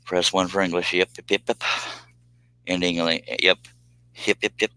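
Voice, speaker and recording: A man talks to his live-stream viewers in a loose, joking way that keeps drifting into tangents. His voice sits a little low but has a bright, forceful edge. The sound is close and dry, with no room echo. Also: little pitch movement, unhurried, smooth. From United States. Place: home streaming space.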